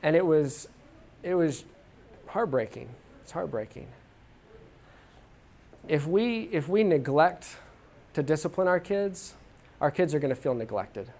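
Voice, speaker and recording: A Texan man teaches a church parenting class, earnest and folksy, restarting often as he tells stories in a conversational teaching style. His voice sits on the high side with lively intonation and a darkish tone. He speaks unhurriedly and pauses often.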